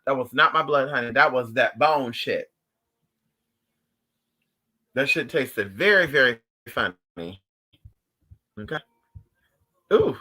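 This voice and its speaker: Guy livestreaming, bright sharp voice, sassy and swearing a lot while telling stories to chat. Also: mid-range voice, takes it slowly, long pauses. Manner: animated, profane and sassy storytelling. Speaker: livestream host. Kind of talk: casual chat with viewers.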